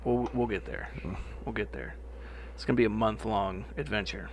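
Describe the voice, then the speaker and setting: A man's voice: lowish voice, steady tone, moderate pace, a little hiss or hum. A young man co-hosting a podcast, telling stories in loose, profane casual chat and laughing often. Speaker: podcast co-host.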